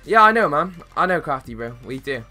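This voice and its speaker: A young man streaming a football game, chatting casually with viewers and reacting to plays with bursts of excitement. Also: on the high side, brisk, faint music behind. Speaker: gaming streamer. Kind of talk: casual live-stream chat while playing.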